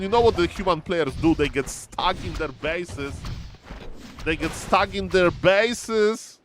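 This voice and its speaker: A man casting a strategy video game match, excitable and fond of repeating catchphrases to his audience. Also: high voice, slow, slight background noise. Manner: excitable, repeats catchphrases, addresses "ladies and gentlemen". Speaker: game caster. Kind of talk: excited esports commentary.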